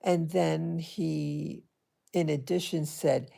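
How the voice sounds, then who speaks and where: A woman vlogger telling a personal story to her viewers in a hesitant, halting way, with many restarts. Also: sits low, vocal fry, dark tone. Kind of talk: casual personal storytelling to camera.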